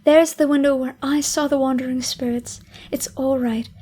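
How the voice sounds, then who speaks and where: A woman's voice: high-pitched, steady tone, normal speed, dark tone, slight background noise, close to an everyday voice. A woman voicing an overjoyed, repentant old miser in an audiobook, talking in fervent, breathless exclamations. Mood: ecstatic. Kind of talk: audiobook character reading.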